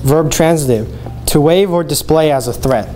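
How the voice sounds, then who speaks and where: A man's voice: on the high side, moderate pace, warm tone, soft background music. A teenage boy presenting a classroom vocabulary lesson, enunciating each word carefully and reading out definitions. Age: teens. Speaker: student presenter.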